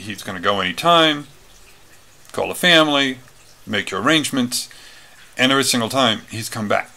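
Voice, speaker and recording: A man talks through a personal story, circling back with fillers and restarts. His voice sits fairly low but has a bright, forward edge and a gravelly texture. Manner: rambling, many fillers and restarts. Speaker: retreat speaker.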